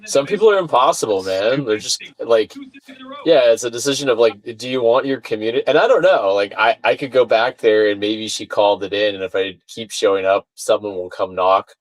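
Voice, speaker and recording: A man telling a story in casual chat as a podcast guest, animated and swearing, laughing at himself, over a remote call mic that sounds far away. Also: on the low side, fairly quick. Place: remote call from his studio.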